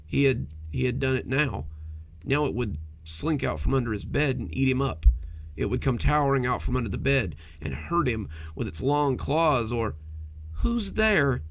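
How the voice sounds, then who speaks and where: Gravelly man reading horror stories. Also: medium pitch, normal speed. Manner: expressive, dramatic storytelling. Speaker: horror story narrator. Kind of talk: scripted horror narration.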